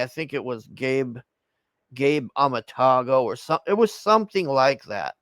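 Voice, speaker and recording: A man's voice: on the high side, fairly bright tone, no echo. A man telling an angry story in a heated, profane rant, tagging his lines with "man". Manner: heated, swears constantly, tags lines with "man".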